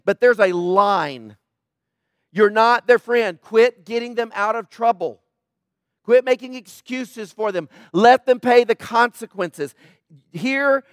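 A man's voice: very high-pitched, dry recording, studio quality. A middle-aged male pastor preaching a sermon, emphatic, repeating key points and calling on the audience to answer back.

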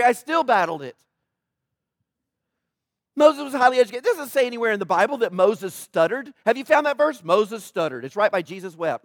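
A man's voice: extremely high pitch, no echo, studio quality. A man preaching a sermon as pastor, talking conversationally to the congregation with jokes, asides and frequent checks like "right?".

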